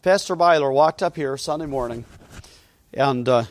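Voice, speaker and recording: A man's voice: mid-range voice, normal speed. A man pastor preaching a sermon in a church, earnest and emphatic, often repeating his phrases.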